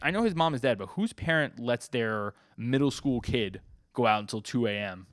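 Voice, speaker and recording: A man's voice: fairly low pitch, lively intonation, normal speed, dry recording. Laid-back young man, dry close sound. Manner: laid-back, filler-heavy, chuckling recap. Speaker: podcast co-host. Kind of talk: casual chat recapping a comic.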